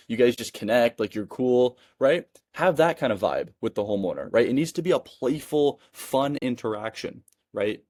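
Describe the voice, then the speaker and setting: A man's voice: medium pitch, a little mellow, studio quality. Guy in his 20s talking sales tips, chatty, keeps saying right?, no echo. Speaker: sales coach and business owner. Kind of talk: casual teaching monologue.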